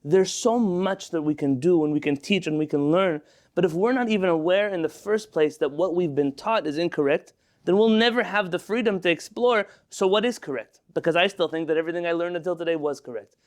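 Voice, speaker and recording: Male rabbi, higher register, animated storytelling lecturer mixing in Hebrew terms. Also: a little fast. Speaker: rabbi teaching a class. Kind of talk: storytelling Torah class.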